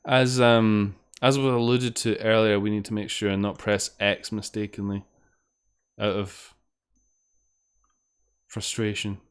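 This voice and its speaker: A man's voice: fairly low pitch, little pitch movement, a little slow, long pauses, clear, resonant tone. A man giving rambling, casual commentary while streaming a game, swearing now and then. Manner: rambling, chatty, swears when frustrated. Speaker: streamer playing fangames.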